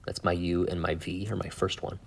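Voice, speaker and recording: A man teaching a math lesson in a relaxed, chatty way, thinking aloud with fillers and asides. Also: sits low, fairly quick, gravelly. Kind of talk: casual whiteboard lesson.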